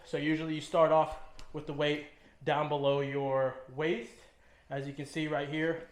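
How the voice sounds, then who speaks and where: A man working as a fitness trainer, demonstrating and explaining lifts with short coaching cues and frequent ums as he moves. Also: fairly high pitch. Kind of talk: instructional demonstration. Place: gym, indoors. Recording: echoey gym room.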